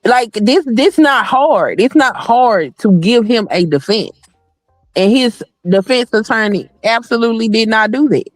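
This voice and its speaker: A woman's voice: fairly high pitch, moderate pace, no room sound. An indignant woman argues bluntly on an online panel, swearing as she goes. The sound is dry and close. Faint music plays behind her. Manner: blunt, indignant, casual profanity. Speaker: panel guest. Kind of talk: heated live panel debate.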